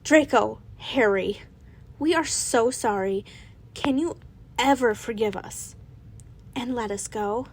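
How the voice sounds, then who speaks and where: A woman reading the lines of two teenage witch girls in a soft, plain voice. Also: fairly high pitch, slow, pauses often. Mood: pleading.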